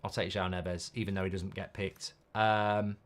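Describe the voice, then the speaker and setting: A man's voice: sits low, level tone, normal speed. A man hosting a live football watchalong, talking bluntly and reacting to the game while reading viewer comments.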